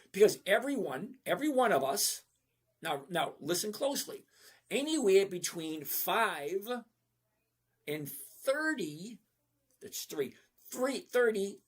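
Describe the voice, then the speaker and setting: Husky older man hosting a stock stream. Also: sits high. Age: 60s. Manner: chatty, repetitive, addresses viewers by name. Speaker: stock trading livestream host. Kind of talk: live Q&A chat answering viewers.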